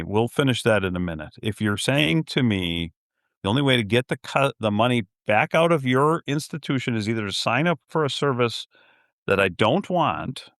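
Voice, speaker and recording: A middle-aged man tells a story on a podcast and acts out both sides of a customer service call, swinging his voice up high when he gets indignant. His voice sits at an ordinary pitch. The recording is close and dry, with no room sound. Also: normal speed, no echo. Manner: animated, acts out both sides of a phone call, laughs in disbelief. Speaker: podcast host telling a story. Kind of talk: casual storytelling.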